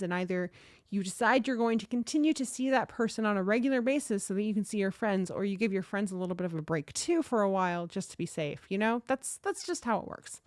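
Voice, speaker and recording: A woman's voice: mid-range voice, dry recording, clean studio sound. A woman in her thirties hosting a livestream, chatting and telling a story casually. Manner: chatty, animated, reads chat aloud. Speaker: livestream host.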